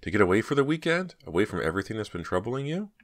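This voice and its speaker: A man's voice: on the low side, sing-song, very fast, dry recording, studio quality, pitched above the performer's own voice. A man voicing a distracted, cheerful middle-aged mother in an audiobook, speaking breezily and brushing things off. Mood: breezy.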